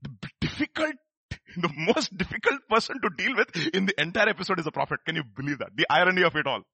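A man's voice: sits high, expressive, quick pace, creaky, sharp tone, slightly rough, dry recording. A man preaching a sermon, emphatic and firing rhetorical questions at the congregation.

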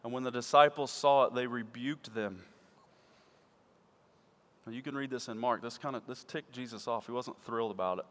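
A man preaching a sermon to his church, swinging from loud emphatic peaks to quiet low asides. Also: moderate pace, pauses often. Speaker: pastor. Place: church sanctuary. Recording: church hall with long reverb.

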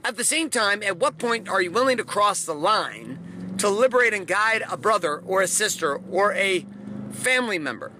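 A man's voice: sits high, lively intonation, moderate pace, bright, forceful tone, slight background noise. A man giving a blunt, emphatic motivational talk, hammering his points with repeated phrases. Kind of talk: motivational monologue.

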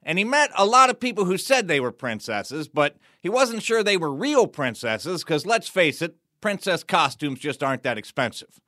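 A man spins a folk tale, folksy and playful, dropping wry asides. His voice is bright and sharp, a touch high, and sits close and dry on the mic. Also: big pitch swings, normal speed, dry recording. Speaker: storyteller. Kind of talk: performed folk tale narration.

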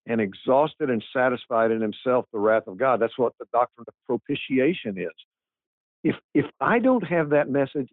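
A man's voice: medium pitch, no echo. A man, a pastor and author, answering interview questions in an earnest, emphatic way with frequent restarts. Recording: tinny phone-like line.

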